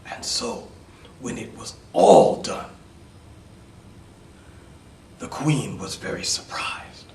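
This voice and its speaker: A man from New York City telling a fairy tale slowly for English learners, repeating and explaining words. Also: sits low, a little mellow, whispered. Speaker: storyteller and English teacher. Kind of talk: story-listening narration for learners. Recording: roomy, distant mic.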